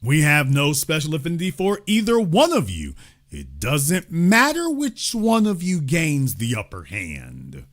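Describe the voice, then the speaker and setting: A middle-aged man delivers a heated political monologue as host. His voice sits a little high and swoops with lively intonation. He sounds emphatic and sarcastic, jumping from loud outbursts to low muttered asides. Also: unhurried.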